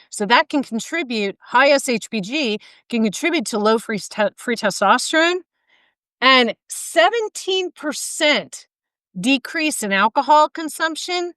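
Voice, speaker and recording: A woman hosts her own health podcast, chatting informally and pausing for asides and quick self-corrections. Her voice sits on the high side and is smooth and clear. It is recorded dry and close, with no room sound, and she sounds a bit tired and tongue-tied. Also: a bit bright, no room sound. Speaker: podcast host and health coach. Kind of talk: solo podcast monologue.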